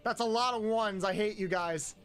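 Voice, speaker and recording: A streamer chatting casually with chat during gameplay, given to loud, swearing outbursts. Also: mid-range voice, normal speed, faint music behind.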